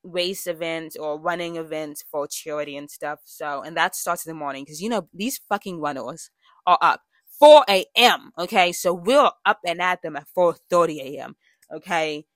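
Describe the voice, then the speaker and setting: A young woman talks through a casual personal monologue, candid and rambling, catching herself mid-sentence and starting over. Her voice sits a little low. It is recorded close and dry, with no room sound. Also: normal speed, fairly bright tone, no room sound. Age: young adult. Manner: chatty and candid, with frequent fillers and self-corrections. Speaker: podcast host.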